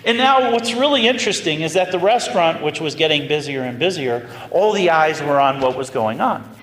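A man preaching, with an animated, conversational storytelling manner. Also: fairly high pitch, brisk. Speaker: pastor. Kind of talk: storytelling sermon. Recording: roomy hall reverb, faint noise.

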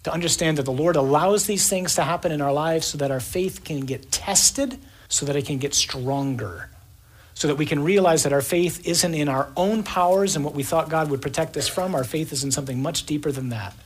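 A man's voice: on the high side, brisk, slight background noise. A man preaching an evening sermon, building emphatic lists and acting out the scene he describes.

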